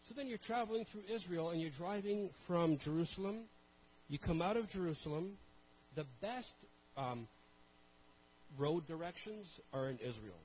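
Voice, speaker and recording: A man from Canada preaches to a congregation, speaking in a fairly high voice. He tells a personal story in a loose, conversational way, turns to the crowd with questions and makes fun of himself. A faint hum sits under the recording. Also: expressive, normal speed, a little mellow, poor audio. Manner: conversational, self-deprecating, addresses audience directly.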